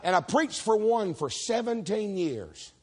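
A man preaching, folksy and shouting, calling on the congregation for amens. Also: high-pitched, sing-song, measured pace, breathy edge. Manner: folksy, shouting, calls for amen. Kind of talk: fiery preaching with stories. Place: church service.

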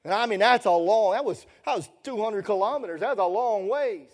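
High-voiced evangelist preaching. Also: male voice, lively intonation, brisk. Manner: colloquial, rising loud then dropping low. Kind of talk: sermon.

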